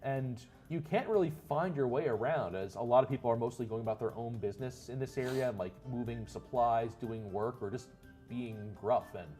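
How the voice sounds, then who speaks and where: A man runs a tabletop game, painting the scene in long, meandering descriptions. His voice sits at a middle pitch and goes back on itself as he thinks, with faint music underneath. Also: moderate pace, mellow. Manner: descriptive, rambling, with restarts. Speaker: game master.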